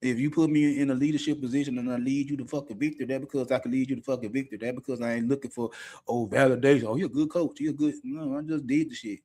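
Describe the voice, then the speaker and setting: A man's voice: medium pitch, steady tone, racing, darkish tone. A middle-aged man talking candidly as a podcast co-host, blunt and profane, often laughing mid-sentence. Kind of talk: candid unscripted talk.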